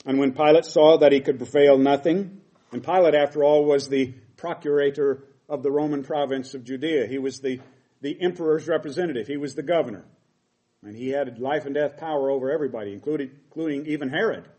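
A man's voice: a little high, fairly quick, dark tone, highs cut off. A middle-aged man preaching a sermon, reading scripture aloud and explaining it with emphatic quoted lines.

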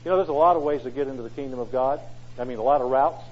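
A man's voice: mid-range voice, very fast, slightly rough. A man preaching a sermon in an emphatic way, often asking rhetorical questions. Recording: dull lo-fi recording.

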